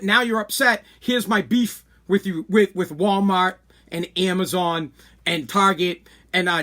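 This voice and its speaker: A man's voice: high-pitched, sharp tone. A man hosting a podcast, ranting bluntly and heatedly with profanity and lots of repetition. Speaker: podcast host. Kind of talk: opinion rant.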